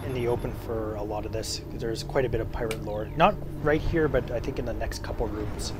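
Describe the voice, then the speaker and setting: A man co-commentating a game playthrough, offering tips in a halting, filler-laden way. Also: mid-range voice, noisy background. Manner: helpful, hesitant with fillers. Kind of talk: casual gameplay commentary. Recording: game music behind.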